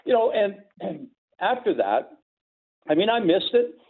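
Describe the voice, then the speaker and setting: A man's voice: sits high, big pitch swings, unhurried, creaky, husky. Older man, chuckling storyteller, rambling anecdotes, tinny phone-like sound. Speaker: podcast guest, former sportscaster. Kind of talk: casual storytelling.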